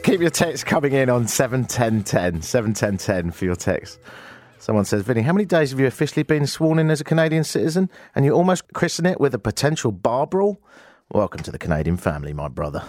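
British radio host telling a wry story. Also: male voice, big pitch swings, fast, a little mellow, dry recording. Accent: British English. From Britain. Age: 40s. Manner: wry, self-mocking, swings high for emphasis. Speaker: radio talk show host. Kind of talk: animated storytelling monologue. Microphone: studio microphone.

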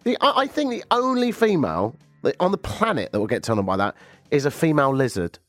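A man's voice: fairly high pitch, very animated, fast, a bit bright, no room sound, faint music behind. A man hosting a talk radio show, with a stuffy nose from a cold. He tells stories with sarcasm and animation. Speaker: radio host. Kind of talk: casual talk radio banter.

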